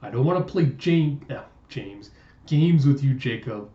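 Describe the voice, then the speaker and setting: A man's voice: medium pitch, lively intonation, unhurried, natural voice. A man voicing a tired, angry young male captive who speaks bluntly and defiantly. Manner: blunt and defiant, rising to pleading shouts. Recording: roomy, distant, dull lo-fi sound.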